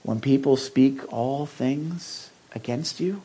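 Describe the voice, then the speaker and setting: A man delivers a sermon with a husky, breathy edge. He preaches in a lively, talk-to-the-congregation manner, stumbling over and repeating words, then bursting into loud, emphatic lines. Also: medium pitch, slow. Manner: animated preaching with conversational asides and emphatic outbursts; frequent restarts and repeated words. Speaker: pastor.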